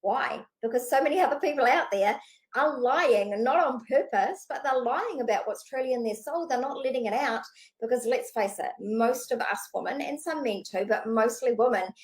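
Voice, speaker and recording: A woman business coach speaking unscripted straight to camera, talking fast and animated, casual and swearing freely. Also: a little high, low-quality recording.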